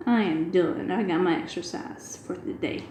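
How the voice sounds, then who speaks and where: A woman's voice: lowish voice, moderate pace, warm tone, roomy sound, a little hiss or hum, rough recording. A middle-aged woman, chatting casually and retelling a long everyday story with quoted dialogue. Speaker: craft video host. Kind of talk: casual chat while diamond painting.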